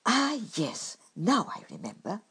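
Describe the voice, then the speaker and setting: A woman voicing a hasty, tidy-minded male badger in a storybook reading, brisk and offhand. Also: mid-range voice, huge pitch swings, vocal fry, fairly bright tone, breathy edge, exaggerated voice. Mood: puzzled. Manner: brisk and offhand, puzzled by questions.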